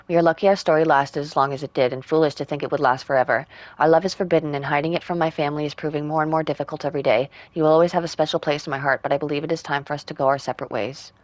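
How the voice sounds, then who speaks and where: Woman streamer with a low, dry voice; plain unhurried reading and muttered puzzle-solving. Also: dry recording. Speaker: game streamer. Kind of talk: reading in-game letters aloud and thinking aloud.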